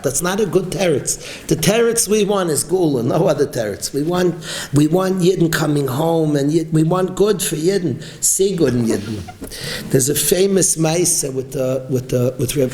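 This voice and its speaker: A man giving a sermon as a rabbi, preaching emphatically and with animated, rising exclamations. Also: on the high side. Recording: roomy echo.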